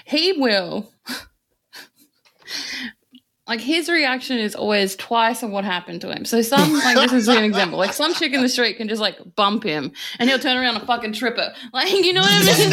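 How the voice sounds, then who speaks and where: A woman in her twenties co-hosting a podcast, telling stories in a casual, animated way with lots of laughter. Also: on the high side, moderate pace. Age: 20s. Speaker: podcast co-host. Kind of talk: casual chat.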